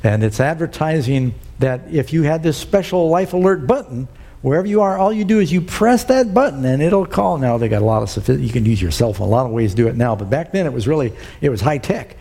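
A man's voice: mid-range voice, lively intonation, fast, creaky, warm tone. A man preaching a sermon to a church congregation, quoting scripture and asking the crowd "Amen?". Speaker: pastor.

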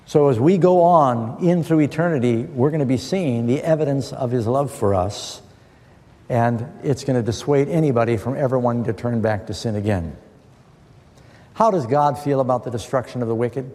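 A middle-aged male preacher delivers a sermon as a Bible study, earnestly and emphatically posing questions and answering them with scripture. He has a mellow, medium-pitched voice at normal speed. A large hall's long reverb fills the recording.

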